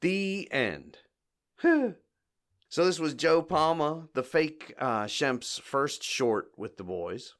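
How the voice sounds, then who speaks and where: A man hosts a podcast, casually recapping a comedy short scene by scene, acting out the quoted lines and laughing often. His voice is on the high side, animated and slow, with a slightly bright tone.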